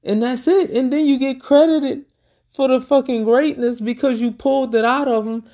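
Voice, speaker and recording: A young man giving casual reaction commentary, excitable and profane, retelling scenes in quoted bursts. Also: very high-pitched, normal speed. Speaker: reaction video host.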